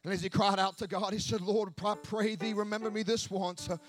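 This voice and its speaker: A man preaching a sermon who swings between hushed asides and shouted, sing-song preaching cadence. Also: high voice, level tone, a little fast. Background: faint music from an accompanist.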